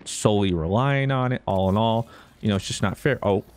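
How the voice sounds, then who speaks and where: A young man giving jokey, excitable commentary over his own gameplay, breaking into sudden loud outbursts. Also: fairly low pitch, brisk. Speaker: gaming YouTuber.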